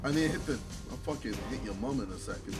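A young man commentating his own gameplay live, loud and trash-talking, with shouting outbursts. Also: mid-range voice, animated, fast. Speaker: gaming host. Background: game music.

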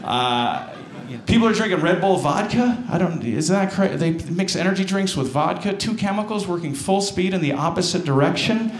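An American man doing a stand-up comedy set, telling self-deprecating stories with lively jumps in pitch. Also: normal speed, few pauses. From United States. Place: comedy stage with live audience. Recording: roomy stage sound, audience noise.

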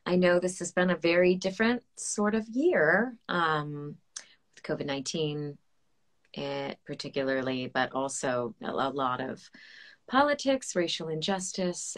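A woman hosting a casual interview and reading out viewer questions, friendly and hesitant, with many fillers. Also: low-pitched. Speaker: podcast host.

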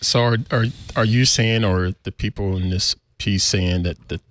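Male co-host, lower voice, blunt and irreverent; very dry recording. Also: steady tone, normal speed, fairly bright tone, no room sound. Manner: blunt, irreverent, swears casually. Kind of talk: casual panel chat.

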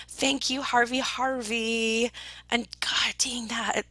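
A woman in casual chat with her viewers, gushing and excitable, thanking people by name and now and then dropping into a whisper. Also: fairly high pitch, slow pace, no room sound. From United Kingdom. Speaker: vlogger opening viewer gifts.

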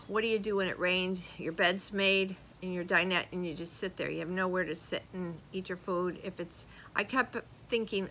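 An older woman vlogger chatting casually as she reads viewer comments aloud, animated and laughing often. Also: lowish voice, normal speed, a little hiss or hum, rough recording. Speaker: YouTube vlogger. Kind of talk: casual chat reading comments.

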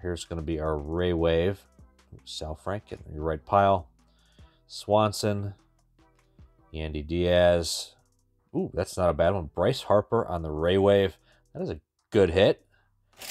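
A man's voice: low-pitched, a little mellow, dry recording. A man hosting a card-opening channel, giving wry, chatty running commentary as he opens packs. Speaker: card-breaking channel host. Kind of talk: casual pack-opening commentary.

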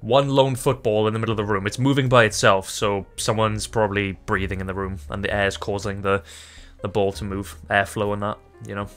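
A man giving loose, excitable gameplay commentary, swearing freely, laughing often and tripping over his own words. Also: fairly low pitch, brisk, faint music behind. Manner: rambling, self-interrupting. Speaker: gaming YouTuber.

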